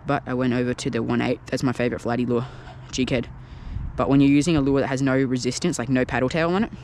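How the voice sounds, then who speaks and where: A man casually talking through a fishing trip on the water, chatty and excitable, recorded on an action camera. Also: medium pitch, fast, slight background noise. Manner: chatty, excitable, thinks aloud. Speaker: fishing vlogger. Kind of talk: casual narration while fishing.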